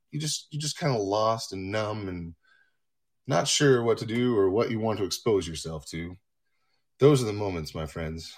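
A man hosting his own livestream from home, rambling casually with profanity and self-mocking asides. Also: on the low side. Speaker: livestream host.

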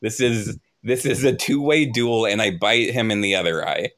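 A man playing his character in an improvised tabletop role-play over a voice call, lively and cursing freely. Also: on the low side, normal speed. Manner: animated, swears, acts out his character. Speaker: player.

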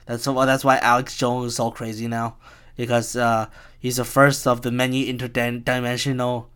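A man's voice: mid-range voice, little pitch movement, normal speed, a bit bright, smooth. A young man in his twenties talks alone into his podcast mic in a loose, meandering rant. He chuckles at his own ideas, swears freely and mocks himself as he goes. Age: 20s. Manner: chuckling, profane, self-mocking. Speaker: podcast host. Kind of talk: rambling solo podcast rant.

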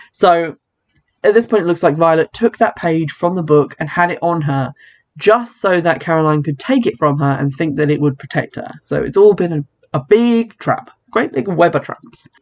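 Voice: mid-range voice, animated, moderate pace, dull audio. A host casually recapping a horror film's plot, chatty and wry, with frequent asides and self-corrections. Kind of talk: casual film recap narration.

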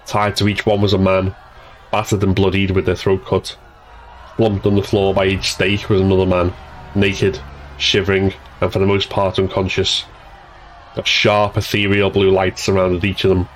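A man narrating an action scene as a scripted audiobook reading, in a steady, measured way. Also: sits low, poor audio.

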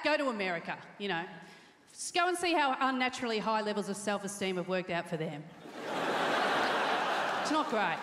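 A woman's voice: medium pitch, lively intonation, normal speed, pauses often, fairly bright tone, slight background noise. A woman doing a self-deprecating stand-up comedy set on a theatre stage, often acting out the voices of other people. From Australia. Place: large theatre stage before a live audience. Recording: echoey theatre with long reverb and crowd.

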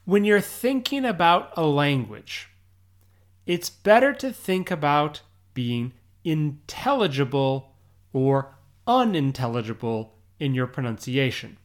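Slow, deliberate American English teacher. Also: medium pitch, big pitch swings. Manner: slow, deliberate explaining, often checks in with "right?". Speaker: English teacher podcast host. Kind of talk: podcast lesson for English learners.

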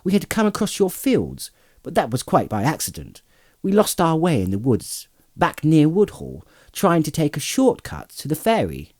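A man voicing a cheerful young male hobbit who talks in a bright, polite, quick manner. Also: a little high, wildly swooping pitch, pitched above the performer's own voice. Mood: eager.

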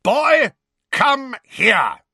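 A blustering, bullying middle-aged uncle, as a man acts him out, bellowing with a lively, swinging pitch. He sounds quick to anger in a storybook reading. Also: husky, dry recording, clean studio sound, heavily acted. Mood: blustering, angry.

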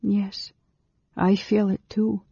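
A reader voicing a gentle, mysterious non-human young woman who speaks softly and murmurs. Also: mid-range voice, little pitch movement, slow, gravelly, breathy edge, dry recording, muffled recording, pitched above the performer's own voice, full character voice. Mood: soft, tender. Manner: soft, murmuring.

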